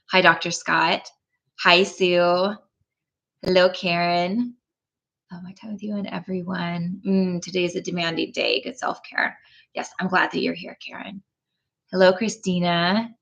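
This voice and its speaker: A woman hosting a live tapping session, gentle and encouraging, greeting chat viewers with frequent ums. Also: on the low side, little pitch movement, moderate pace, vocal fry, lo-fi sound.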